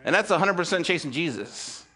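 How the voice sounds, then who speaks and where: Fervent preacher man, higher-pitched. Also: animated, fairly quick, husky. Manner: swings from loud emphatic peaks to quiet intimate asides; rhetorical questions and calls for amen. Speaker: pastor. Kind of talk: sermon. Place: church service with congregation.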